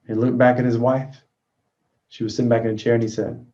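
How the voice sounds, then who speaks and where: A man telling a personal story as a motivational talk, earnest, swinging from loud bursts to hushed lines. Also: medium pitch, level tone, fast. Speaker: motivational speaker. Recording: dull lo-fi recording.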